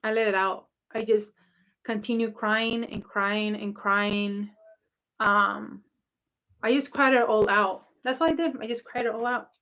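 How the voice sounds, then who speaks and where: A woman's voice: mid-range voice, fairly even intonation, measured pace, a bit bright. A woman who works as a spiritual coach, talking casually and rambling with many fillers and restarts as she answers viewer questions. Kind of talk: casual talk to camera.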